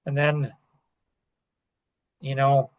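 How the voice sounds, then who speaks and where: A man's voice: mid-range voice, flat delivery, extremely slow. An older man talking casually on a podcast, rambling and full of fillers and restarts. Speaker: podcast host.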